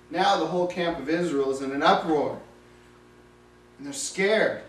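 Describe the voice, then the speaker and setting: Male lay preacher, high voice, casual dramatic storytelling, roomy recording from a distance. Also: normal speed, a bit bright. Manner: conversational, vivid retelling.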